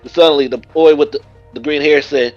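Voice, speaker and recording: A man's voice: a little high, steady tone, fairly quick, faint music behind. A man casually narrating a fan-made story in a loose, chuckling way, on a muffled recording. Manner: loose, chuckling, with many restarts. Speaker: guest storyteller.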